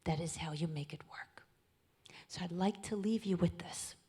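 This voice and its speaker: A woman giving an inspirational talk on marriage, often dropping into a soft, intimate near-whisper. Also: lowish voice, normal speed, slightly rough. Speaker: speaker at a charity event.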